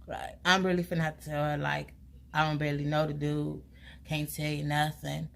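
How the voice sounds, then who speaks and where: A young woman, telling a personal story in a casual storytime vlog and acting out quotes with big jumps in pitch. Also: little pitch movement, moderate pace, gravelly.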